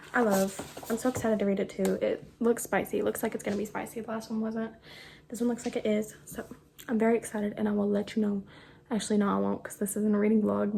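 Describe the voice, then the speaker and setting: A bubbly young woman chats to a camera propped on the floor. She talks loosely and fills her sentences with "like" and "um". A fan hums clearly behind her in a noisy home room. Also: mid-range voice, mellow. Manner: bubbly, chatty, lots of fillers. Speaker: book vlogger. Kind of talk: casual chat to camera.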